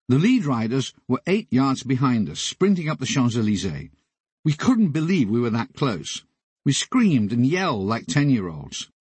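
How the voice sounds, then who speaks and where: A man reads his memoir aloud with a husky edge to his voice. His delivery is wry and deadpan, and his pitch rises and falls freely, giving the lines a lively, storytelling lilt. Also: no echo. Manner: wry, deadpan comic asides. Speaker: memoir narrator. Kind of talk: audiobook memoir narration.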